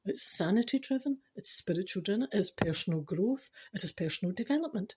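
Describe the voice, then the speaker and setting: Emphatic Scottish woman with a husky voice. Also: mid-range voice, big pitch swings, a little fast, a little mellow. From Scotland. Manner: humorous, emphatic, self-mocking. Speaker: spiritual vlogger. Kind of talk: chatty spiritual talk to camera.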